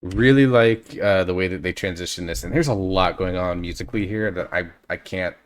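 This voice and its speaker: A man's voice: deep voice, brisk, clear, resonant tone. A man hosting a reaction video, chatting casually and analytically and drifting off on tangents.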